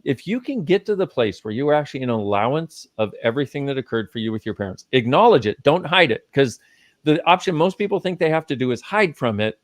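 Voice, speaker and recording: A man's voice: medium pitch, very animated, fast talker, dry recording. A man speaking as a guest in a live conversation, teaching with emphasis and casual swearing.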